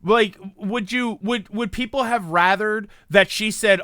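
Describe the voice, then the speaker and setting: A man in his thirties talking casually on a stream, rambling and animated, reacting to chat. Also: sits high, unhurried, hardly any pauses, clean tone, no room sound, studio quality.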